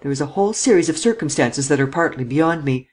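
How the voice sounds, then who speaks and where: Casting note: anxious old-school magistrate in an audiobook, fussy and questioning, lightly raised pitch, read by a man. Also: lively intonation, fast, a little mellow, close to an everyday voice. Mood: fretful. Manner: fretful, questioning.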